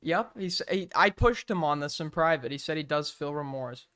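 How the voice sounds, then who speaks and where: A man's voice: on the high side, lively intonation, normal speed, fairly bright tone. A man moderating a casual online debate over a voice call, cutting in bluntly to keep it moving.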